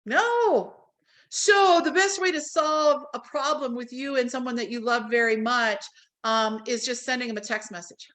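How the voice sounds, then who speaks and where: Woman real estate trainer, fairly high voice, lively classroom delivery, acts out the calls she describes. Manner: animated, acts out quoted phone calls. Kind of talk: live training class talk. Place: classroom with a live audience.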